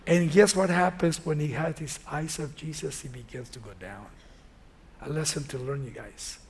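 Male preacher, high and gravelly voice, lively chatty sermon delivery. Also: normal speed. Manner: animated, conversational retelling of a Bible story.

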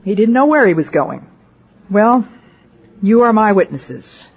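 An older woman preaches a personal testimony and tells stories from her missionary life, putting rhetorical questions to her listeners. Her voice is husky and sits at a middle pitch. The recording is dull and lo-fi. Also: big pitch swings, unhurried. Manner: storytelling with rhetorical questions to the audience. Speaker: missionary speaker.

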